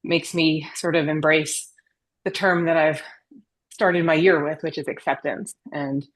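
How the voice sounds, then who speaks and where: A woman's voice: low voice, steady tone, measured pace. A woman joining a video call while walking on a treadmill, out of breath as she gives thanks. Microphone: video call, camera off.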